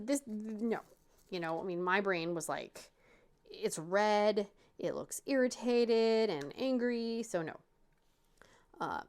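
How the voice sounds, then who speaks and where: Chatty woman crafter telling a story. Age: adult parent. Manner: animated retelling, acting out quotes with pitch jumps. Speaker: crafting channel host. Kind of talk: chatty storytelling while diamond painting.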